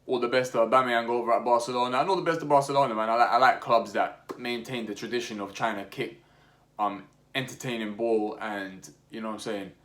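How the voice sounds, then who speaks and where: A young man, chatting loosely and opinionatedly in a mid-range voice. He piles on slang and restarts his sentences a lot, and his delivery gets animated. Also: medium pitch, fairly quick. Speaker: football podcast host. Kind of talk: casual opinionated chat.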